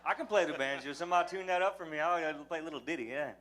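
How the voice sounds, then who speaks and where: A man's voice: on the high side, very fast, background noise. A man from West Texas with a Texan accent, a folksy, joking storyteller speaking on a live fan convention panel. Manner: folksy, jokey, drawling storyteller.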